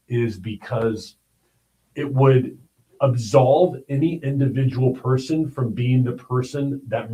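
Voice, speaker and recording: A man's voice: medium pitch, warm tone, rough recording. A man hosting a livestream, giving blunt, emphatic commentary on the news and often checking in with "all right?". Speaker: livestream host.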